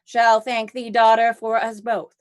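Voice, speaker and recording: Woman as a kindly old friar, slow and measured, light high voice. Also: monotone, lightly acted. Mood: counseling. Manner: slow, measured, with playful asides. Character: wise, joking old male friar.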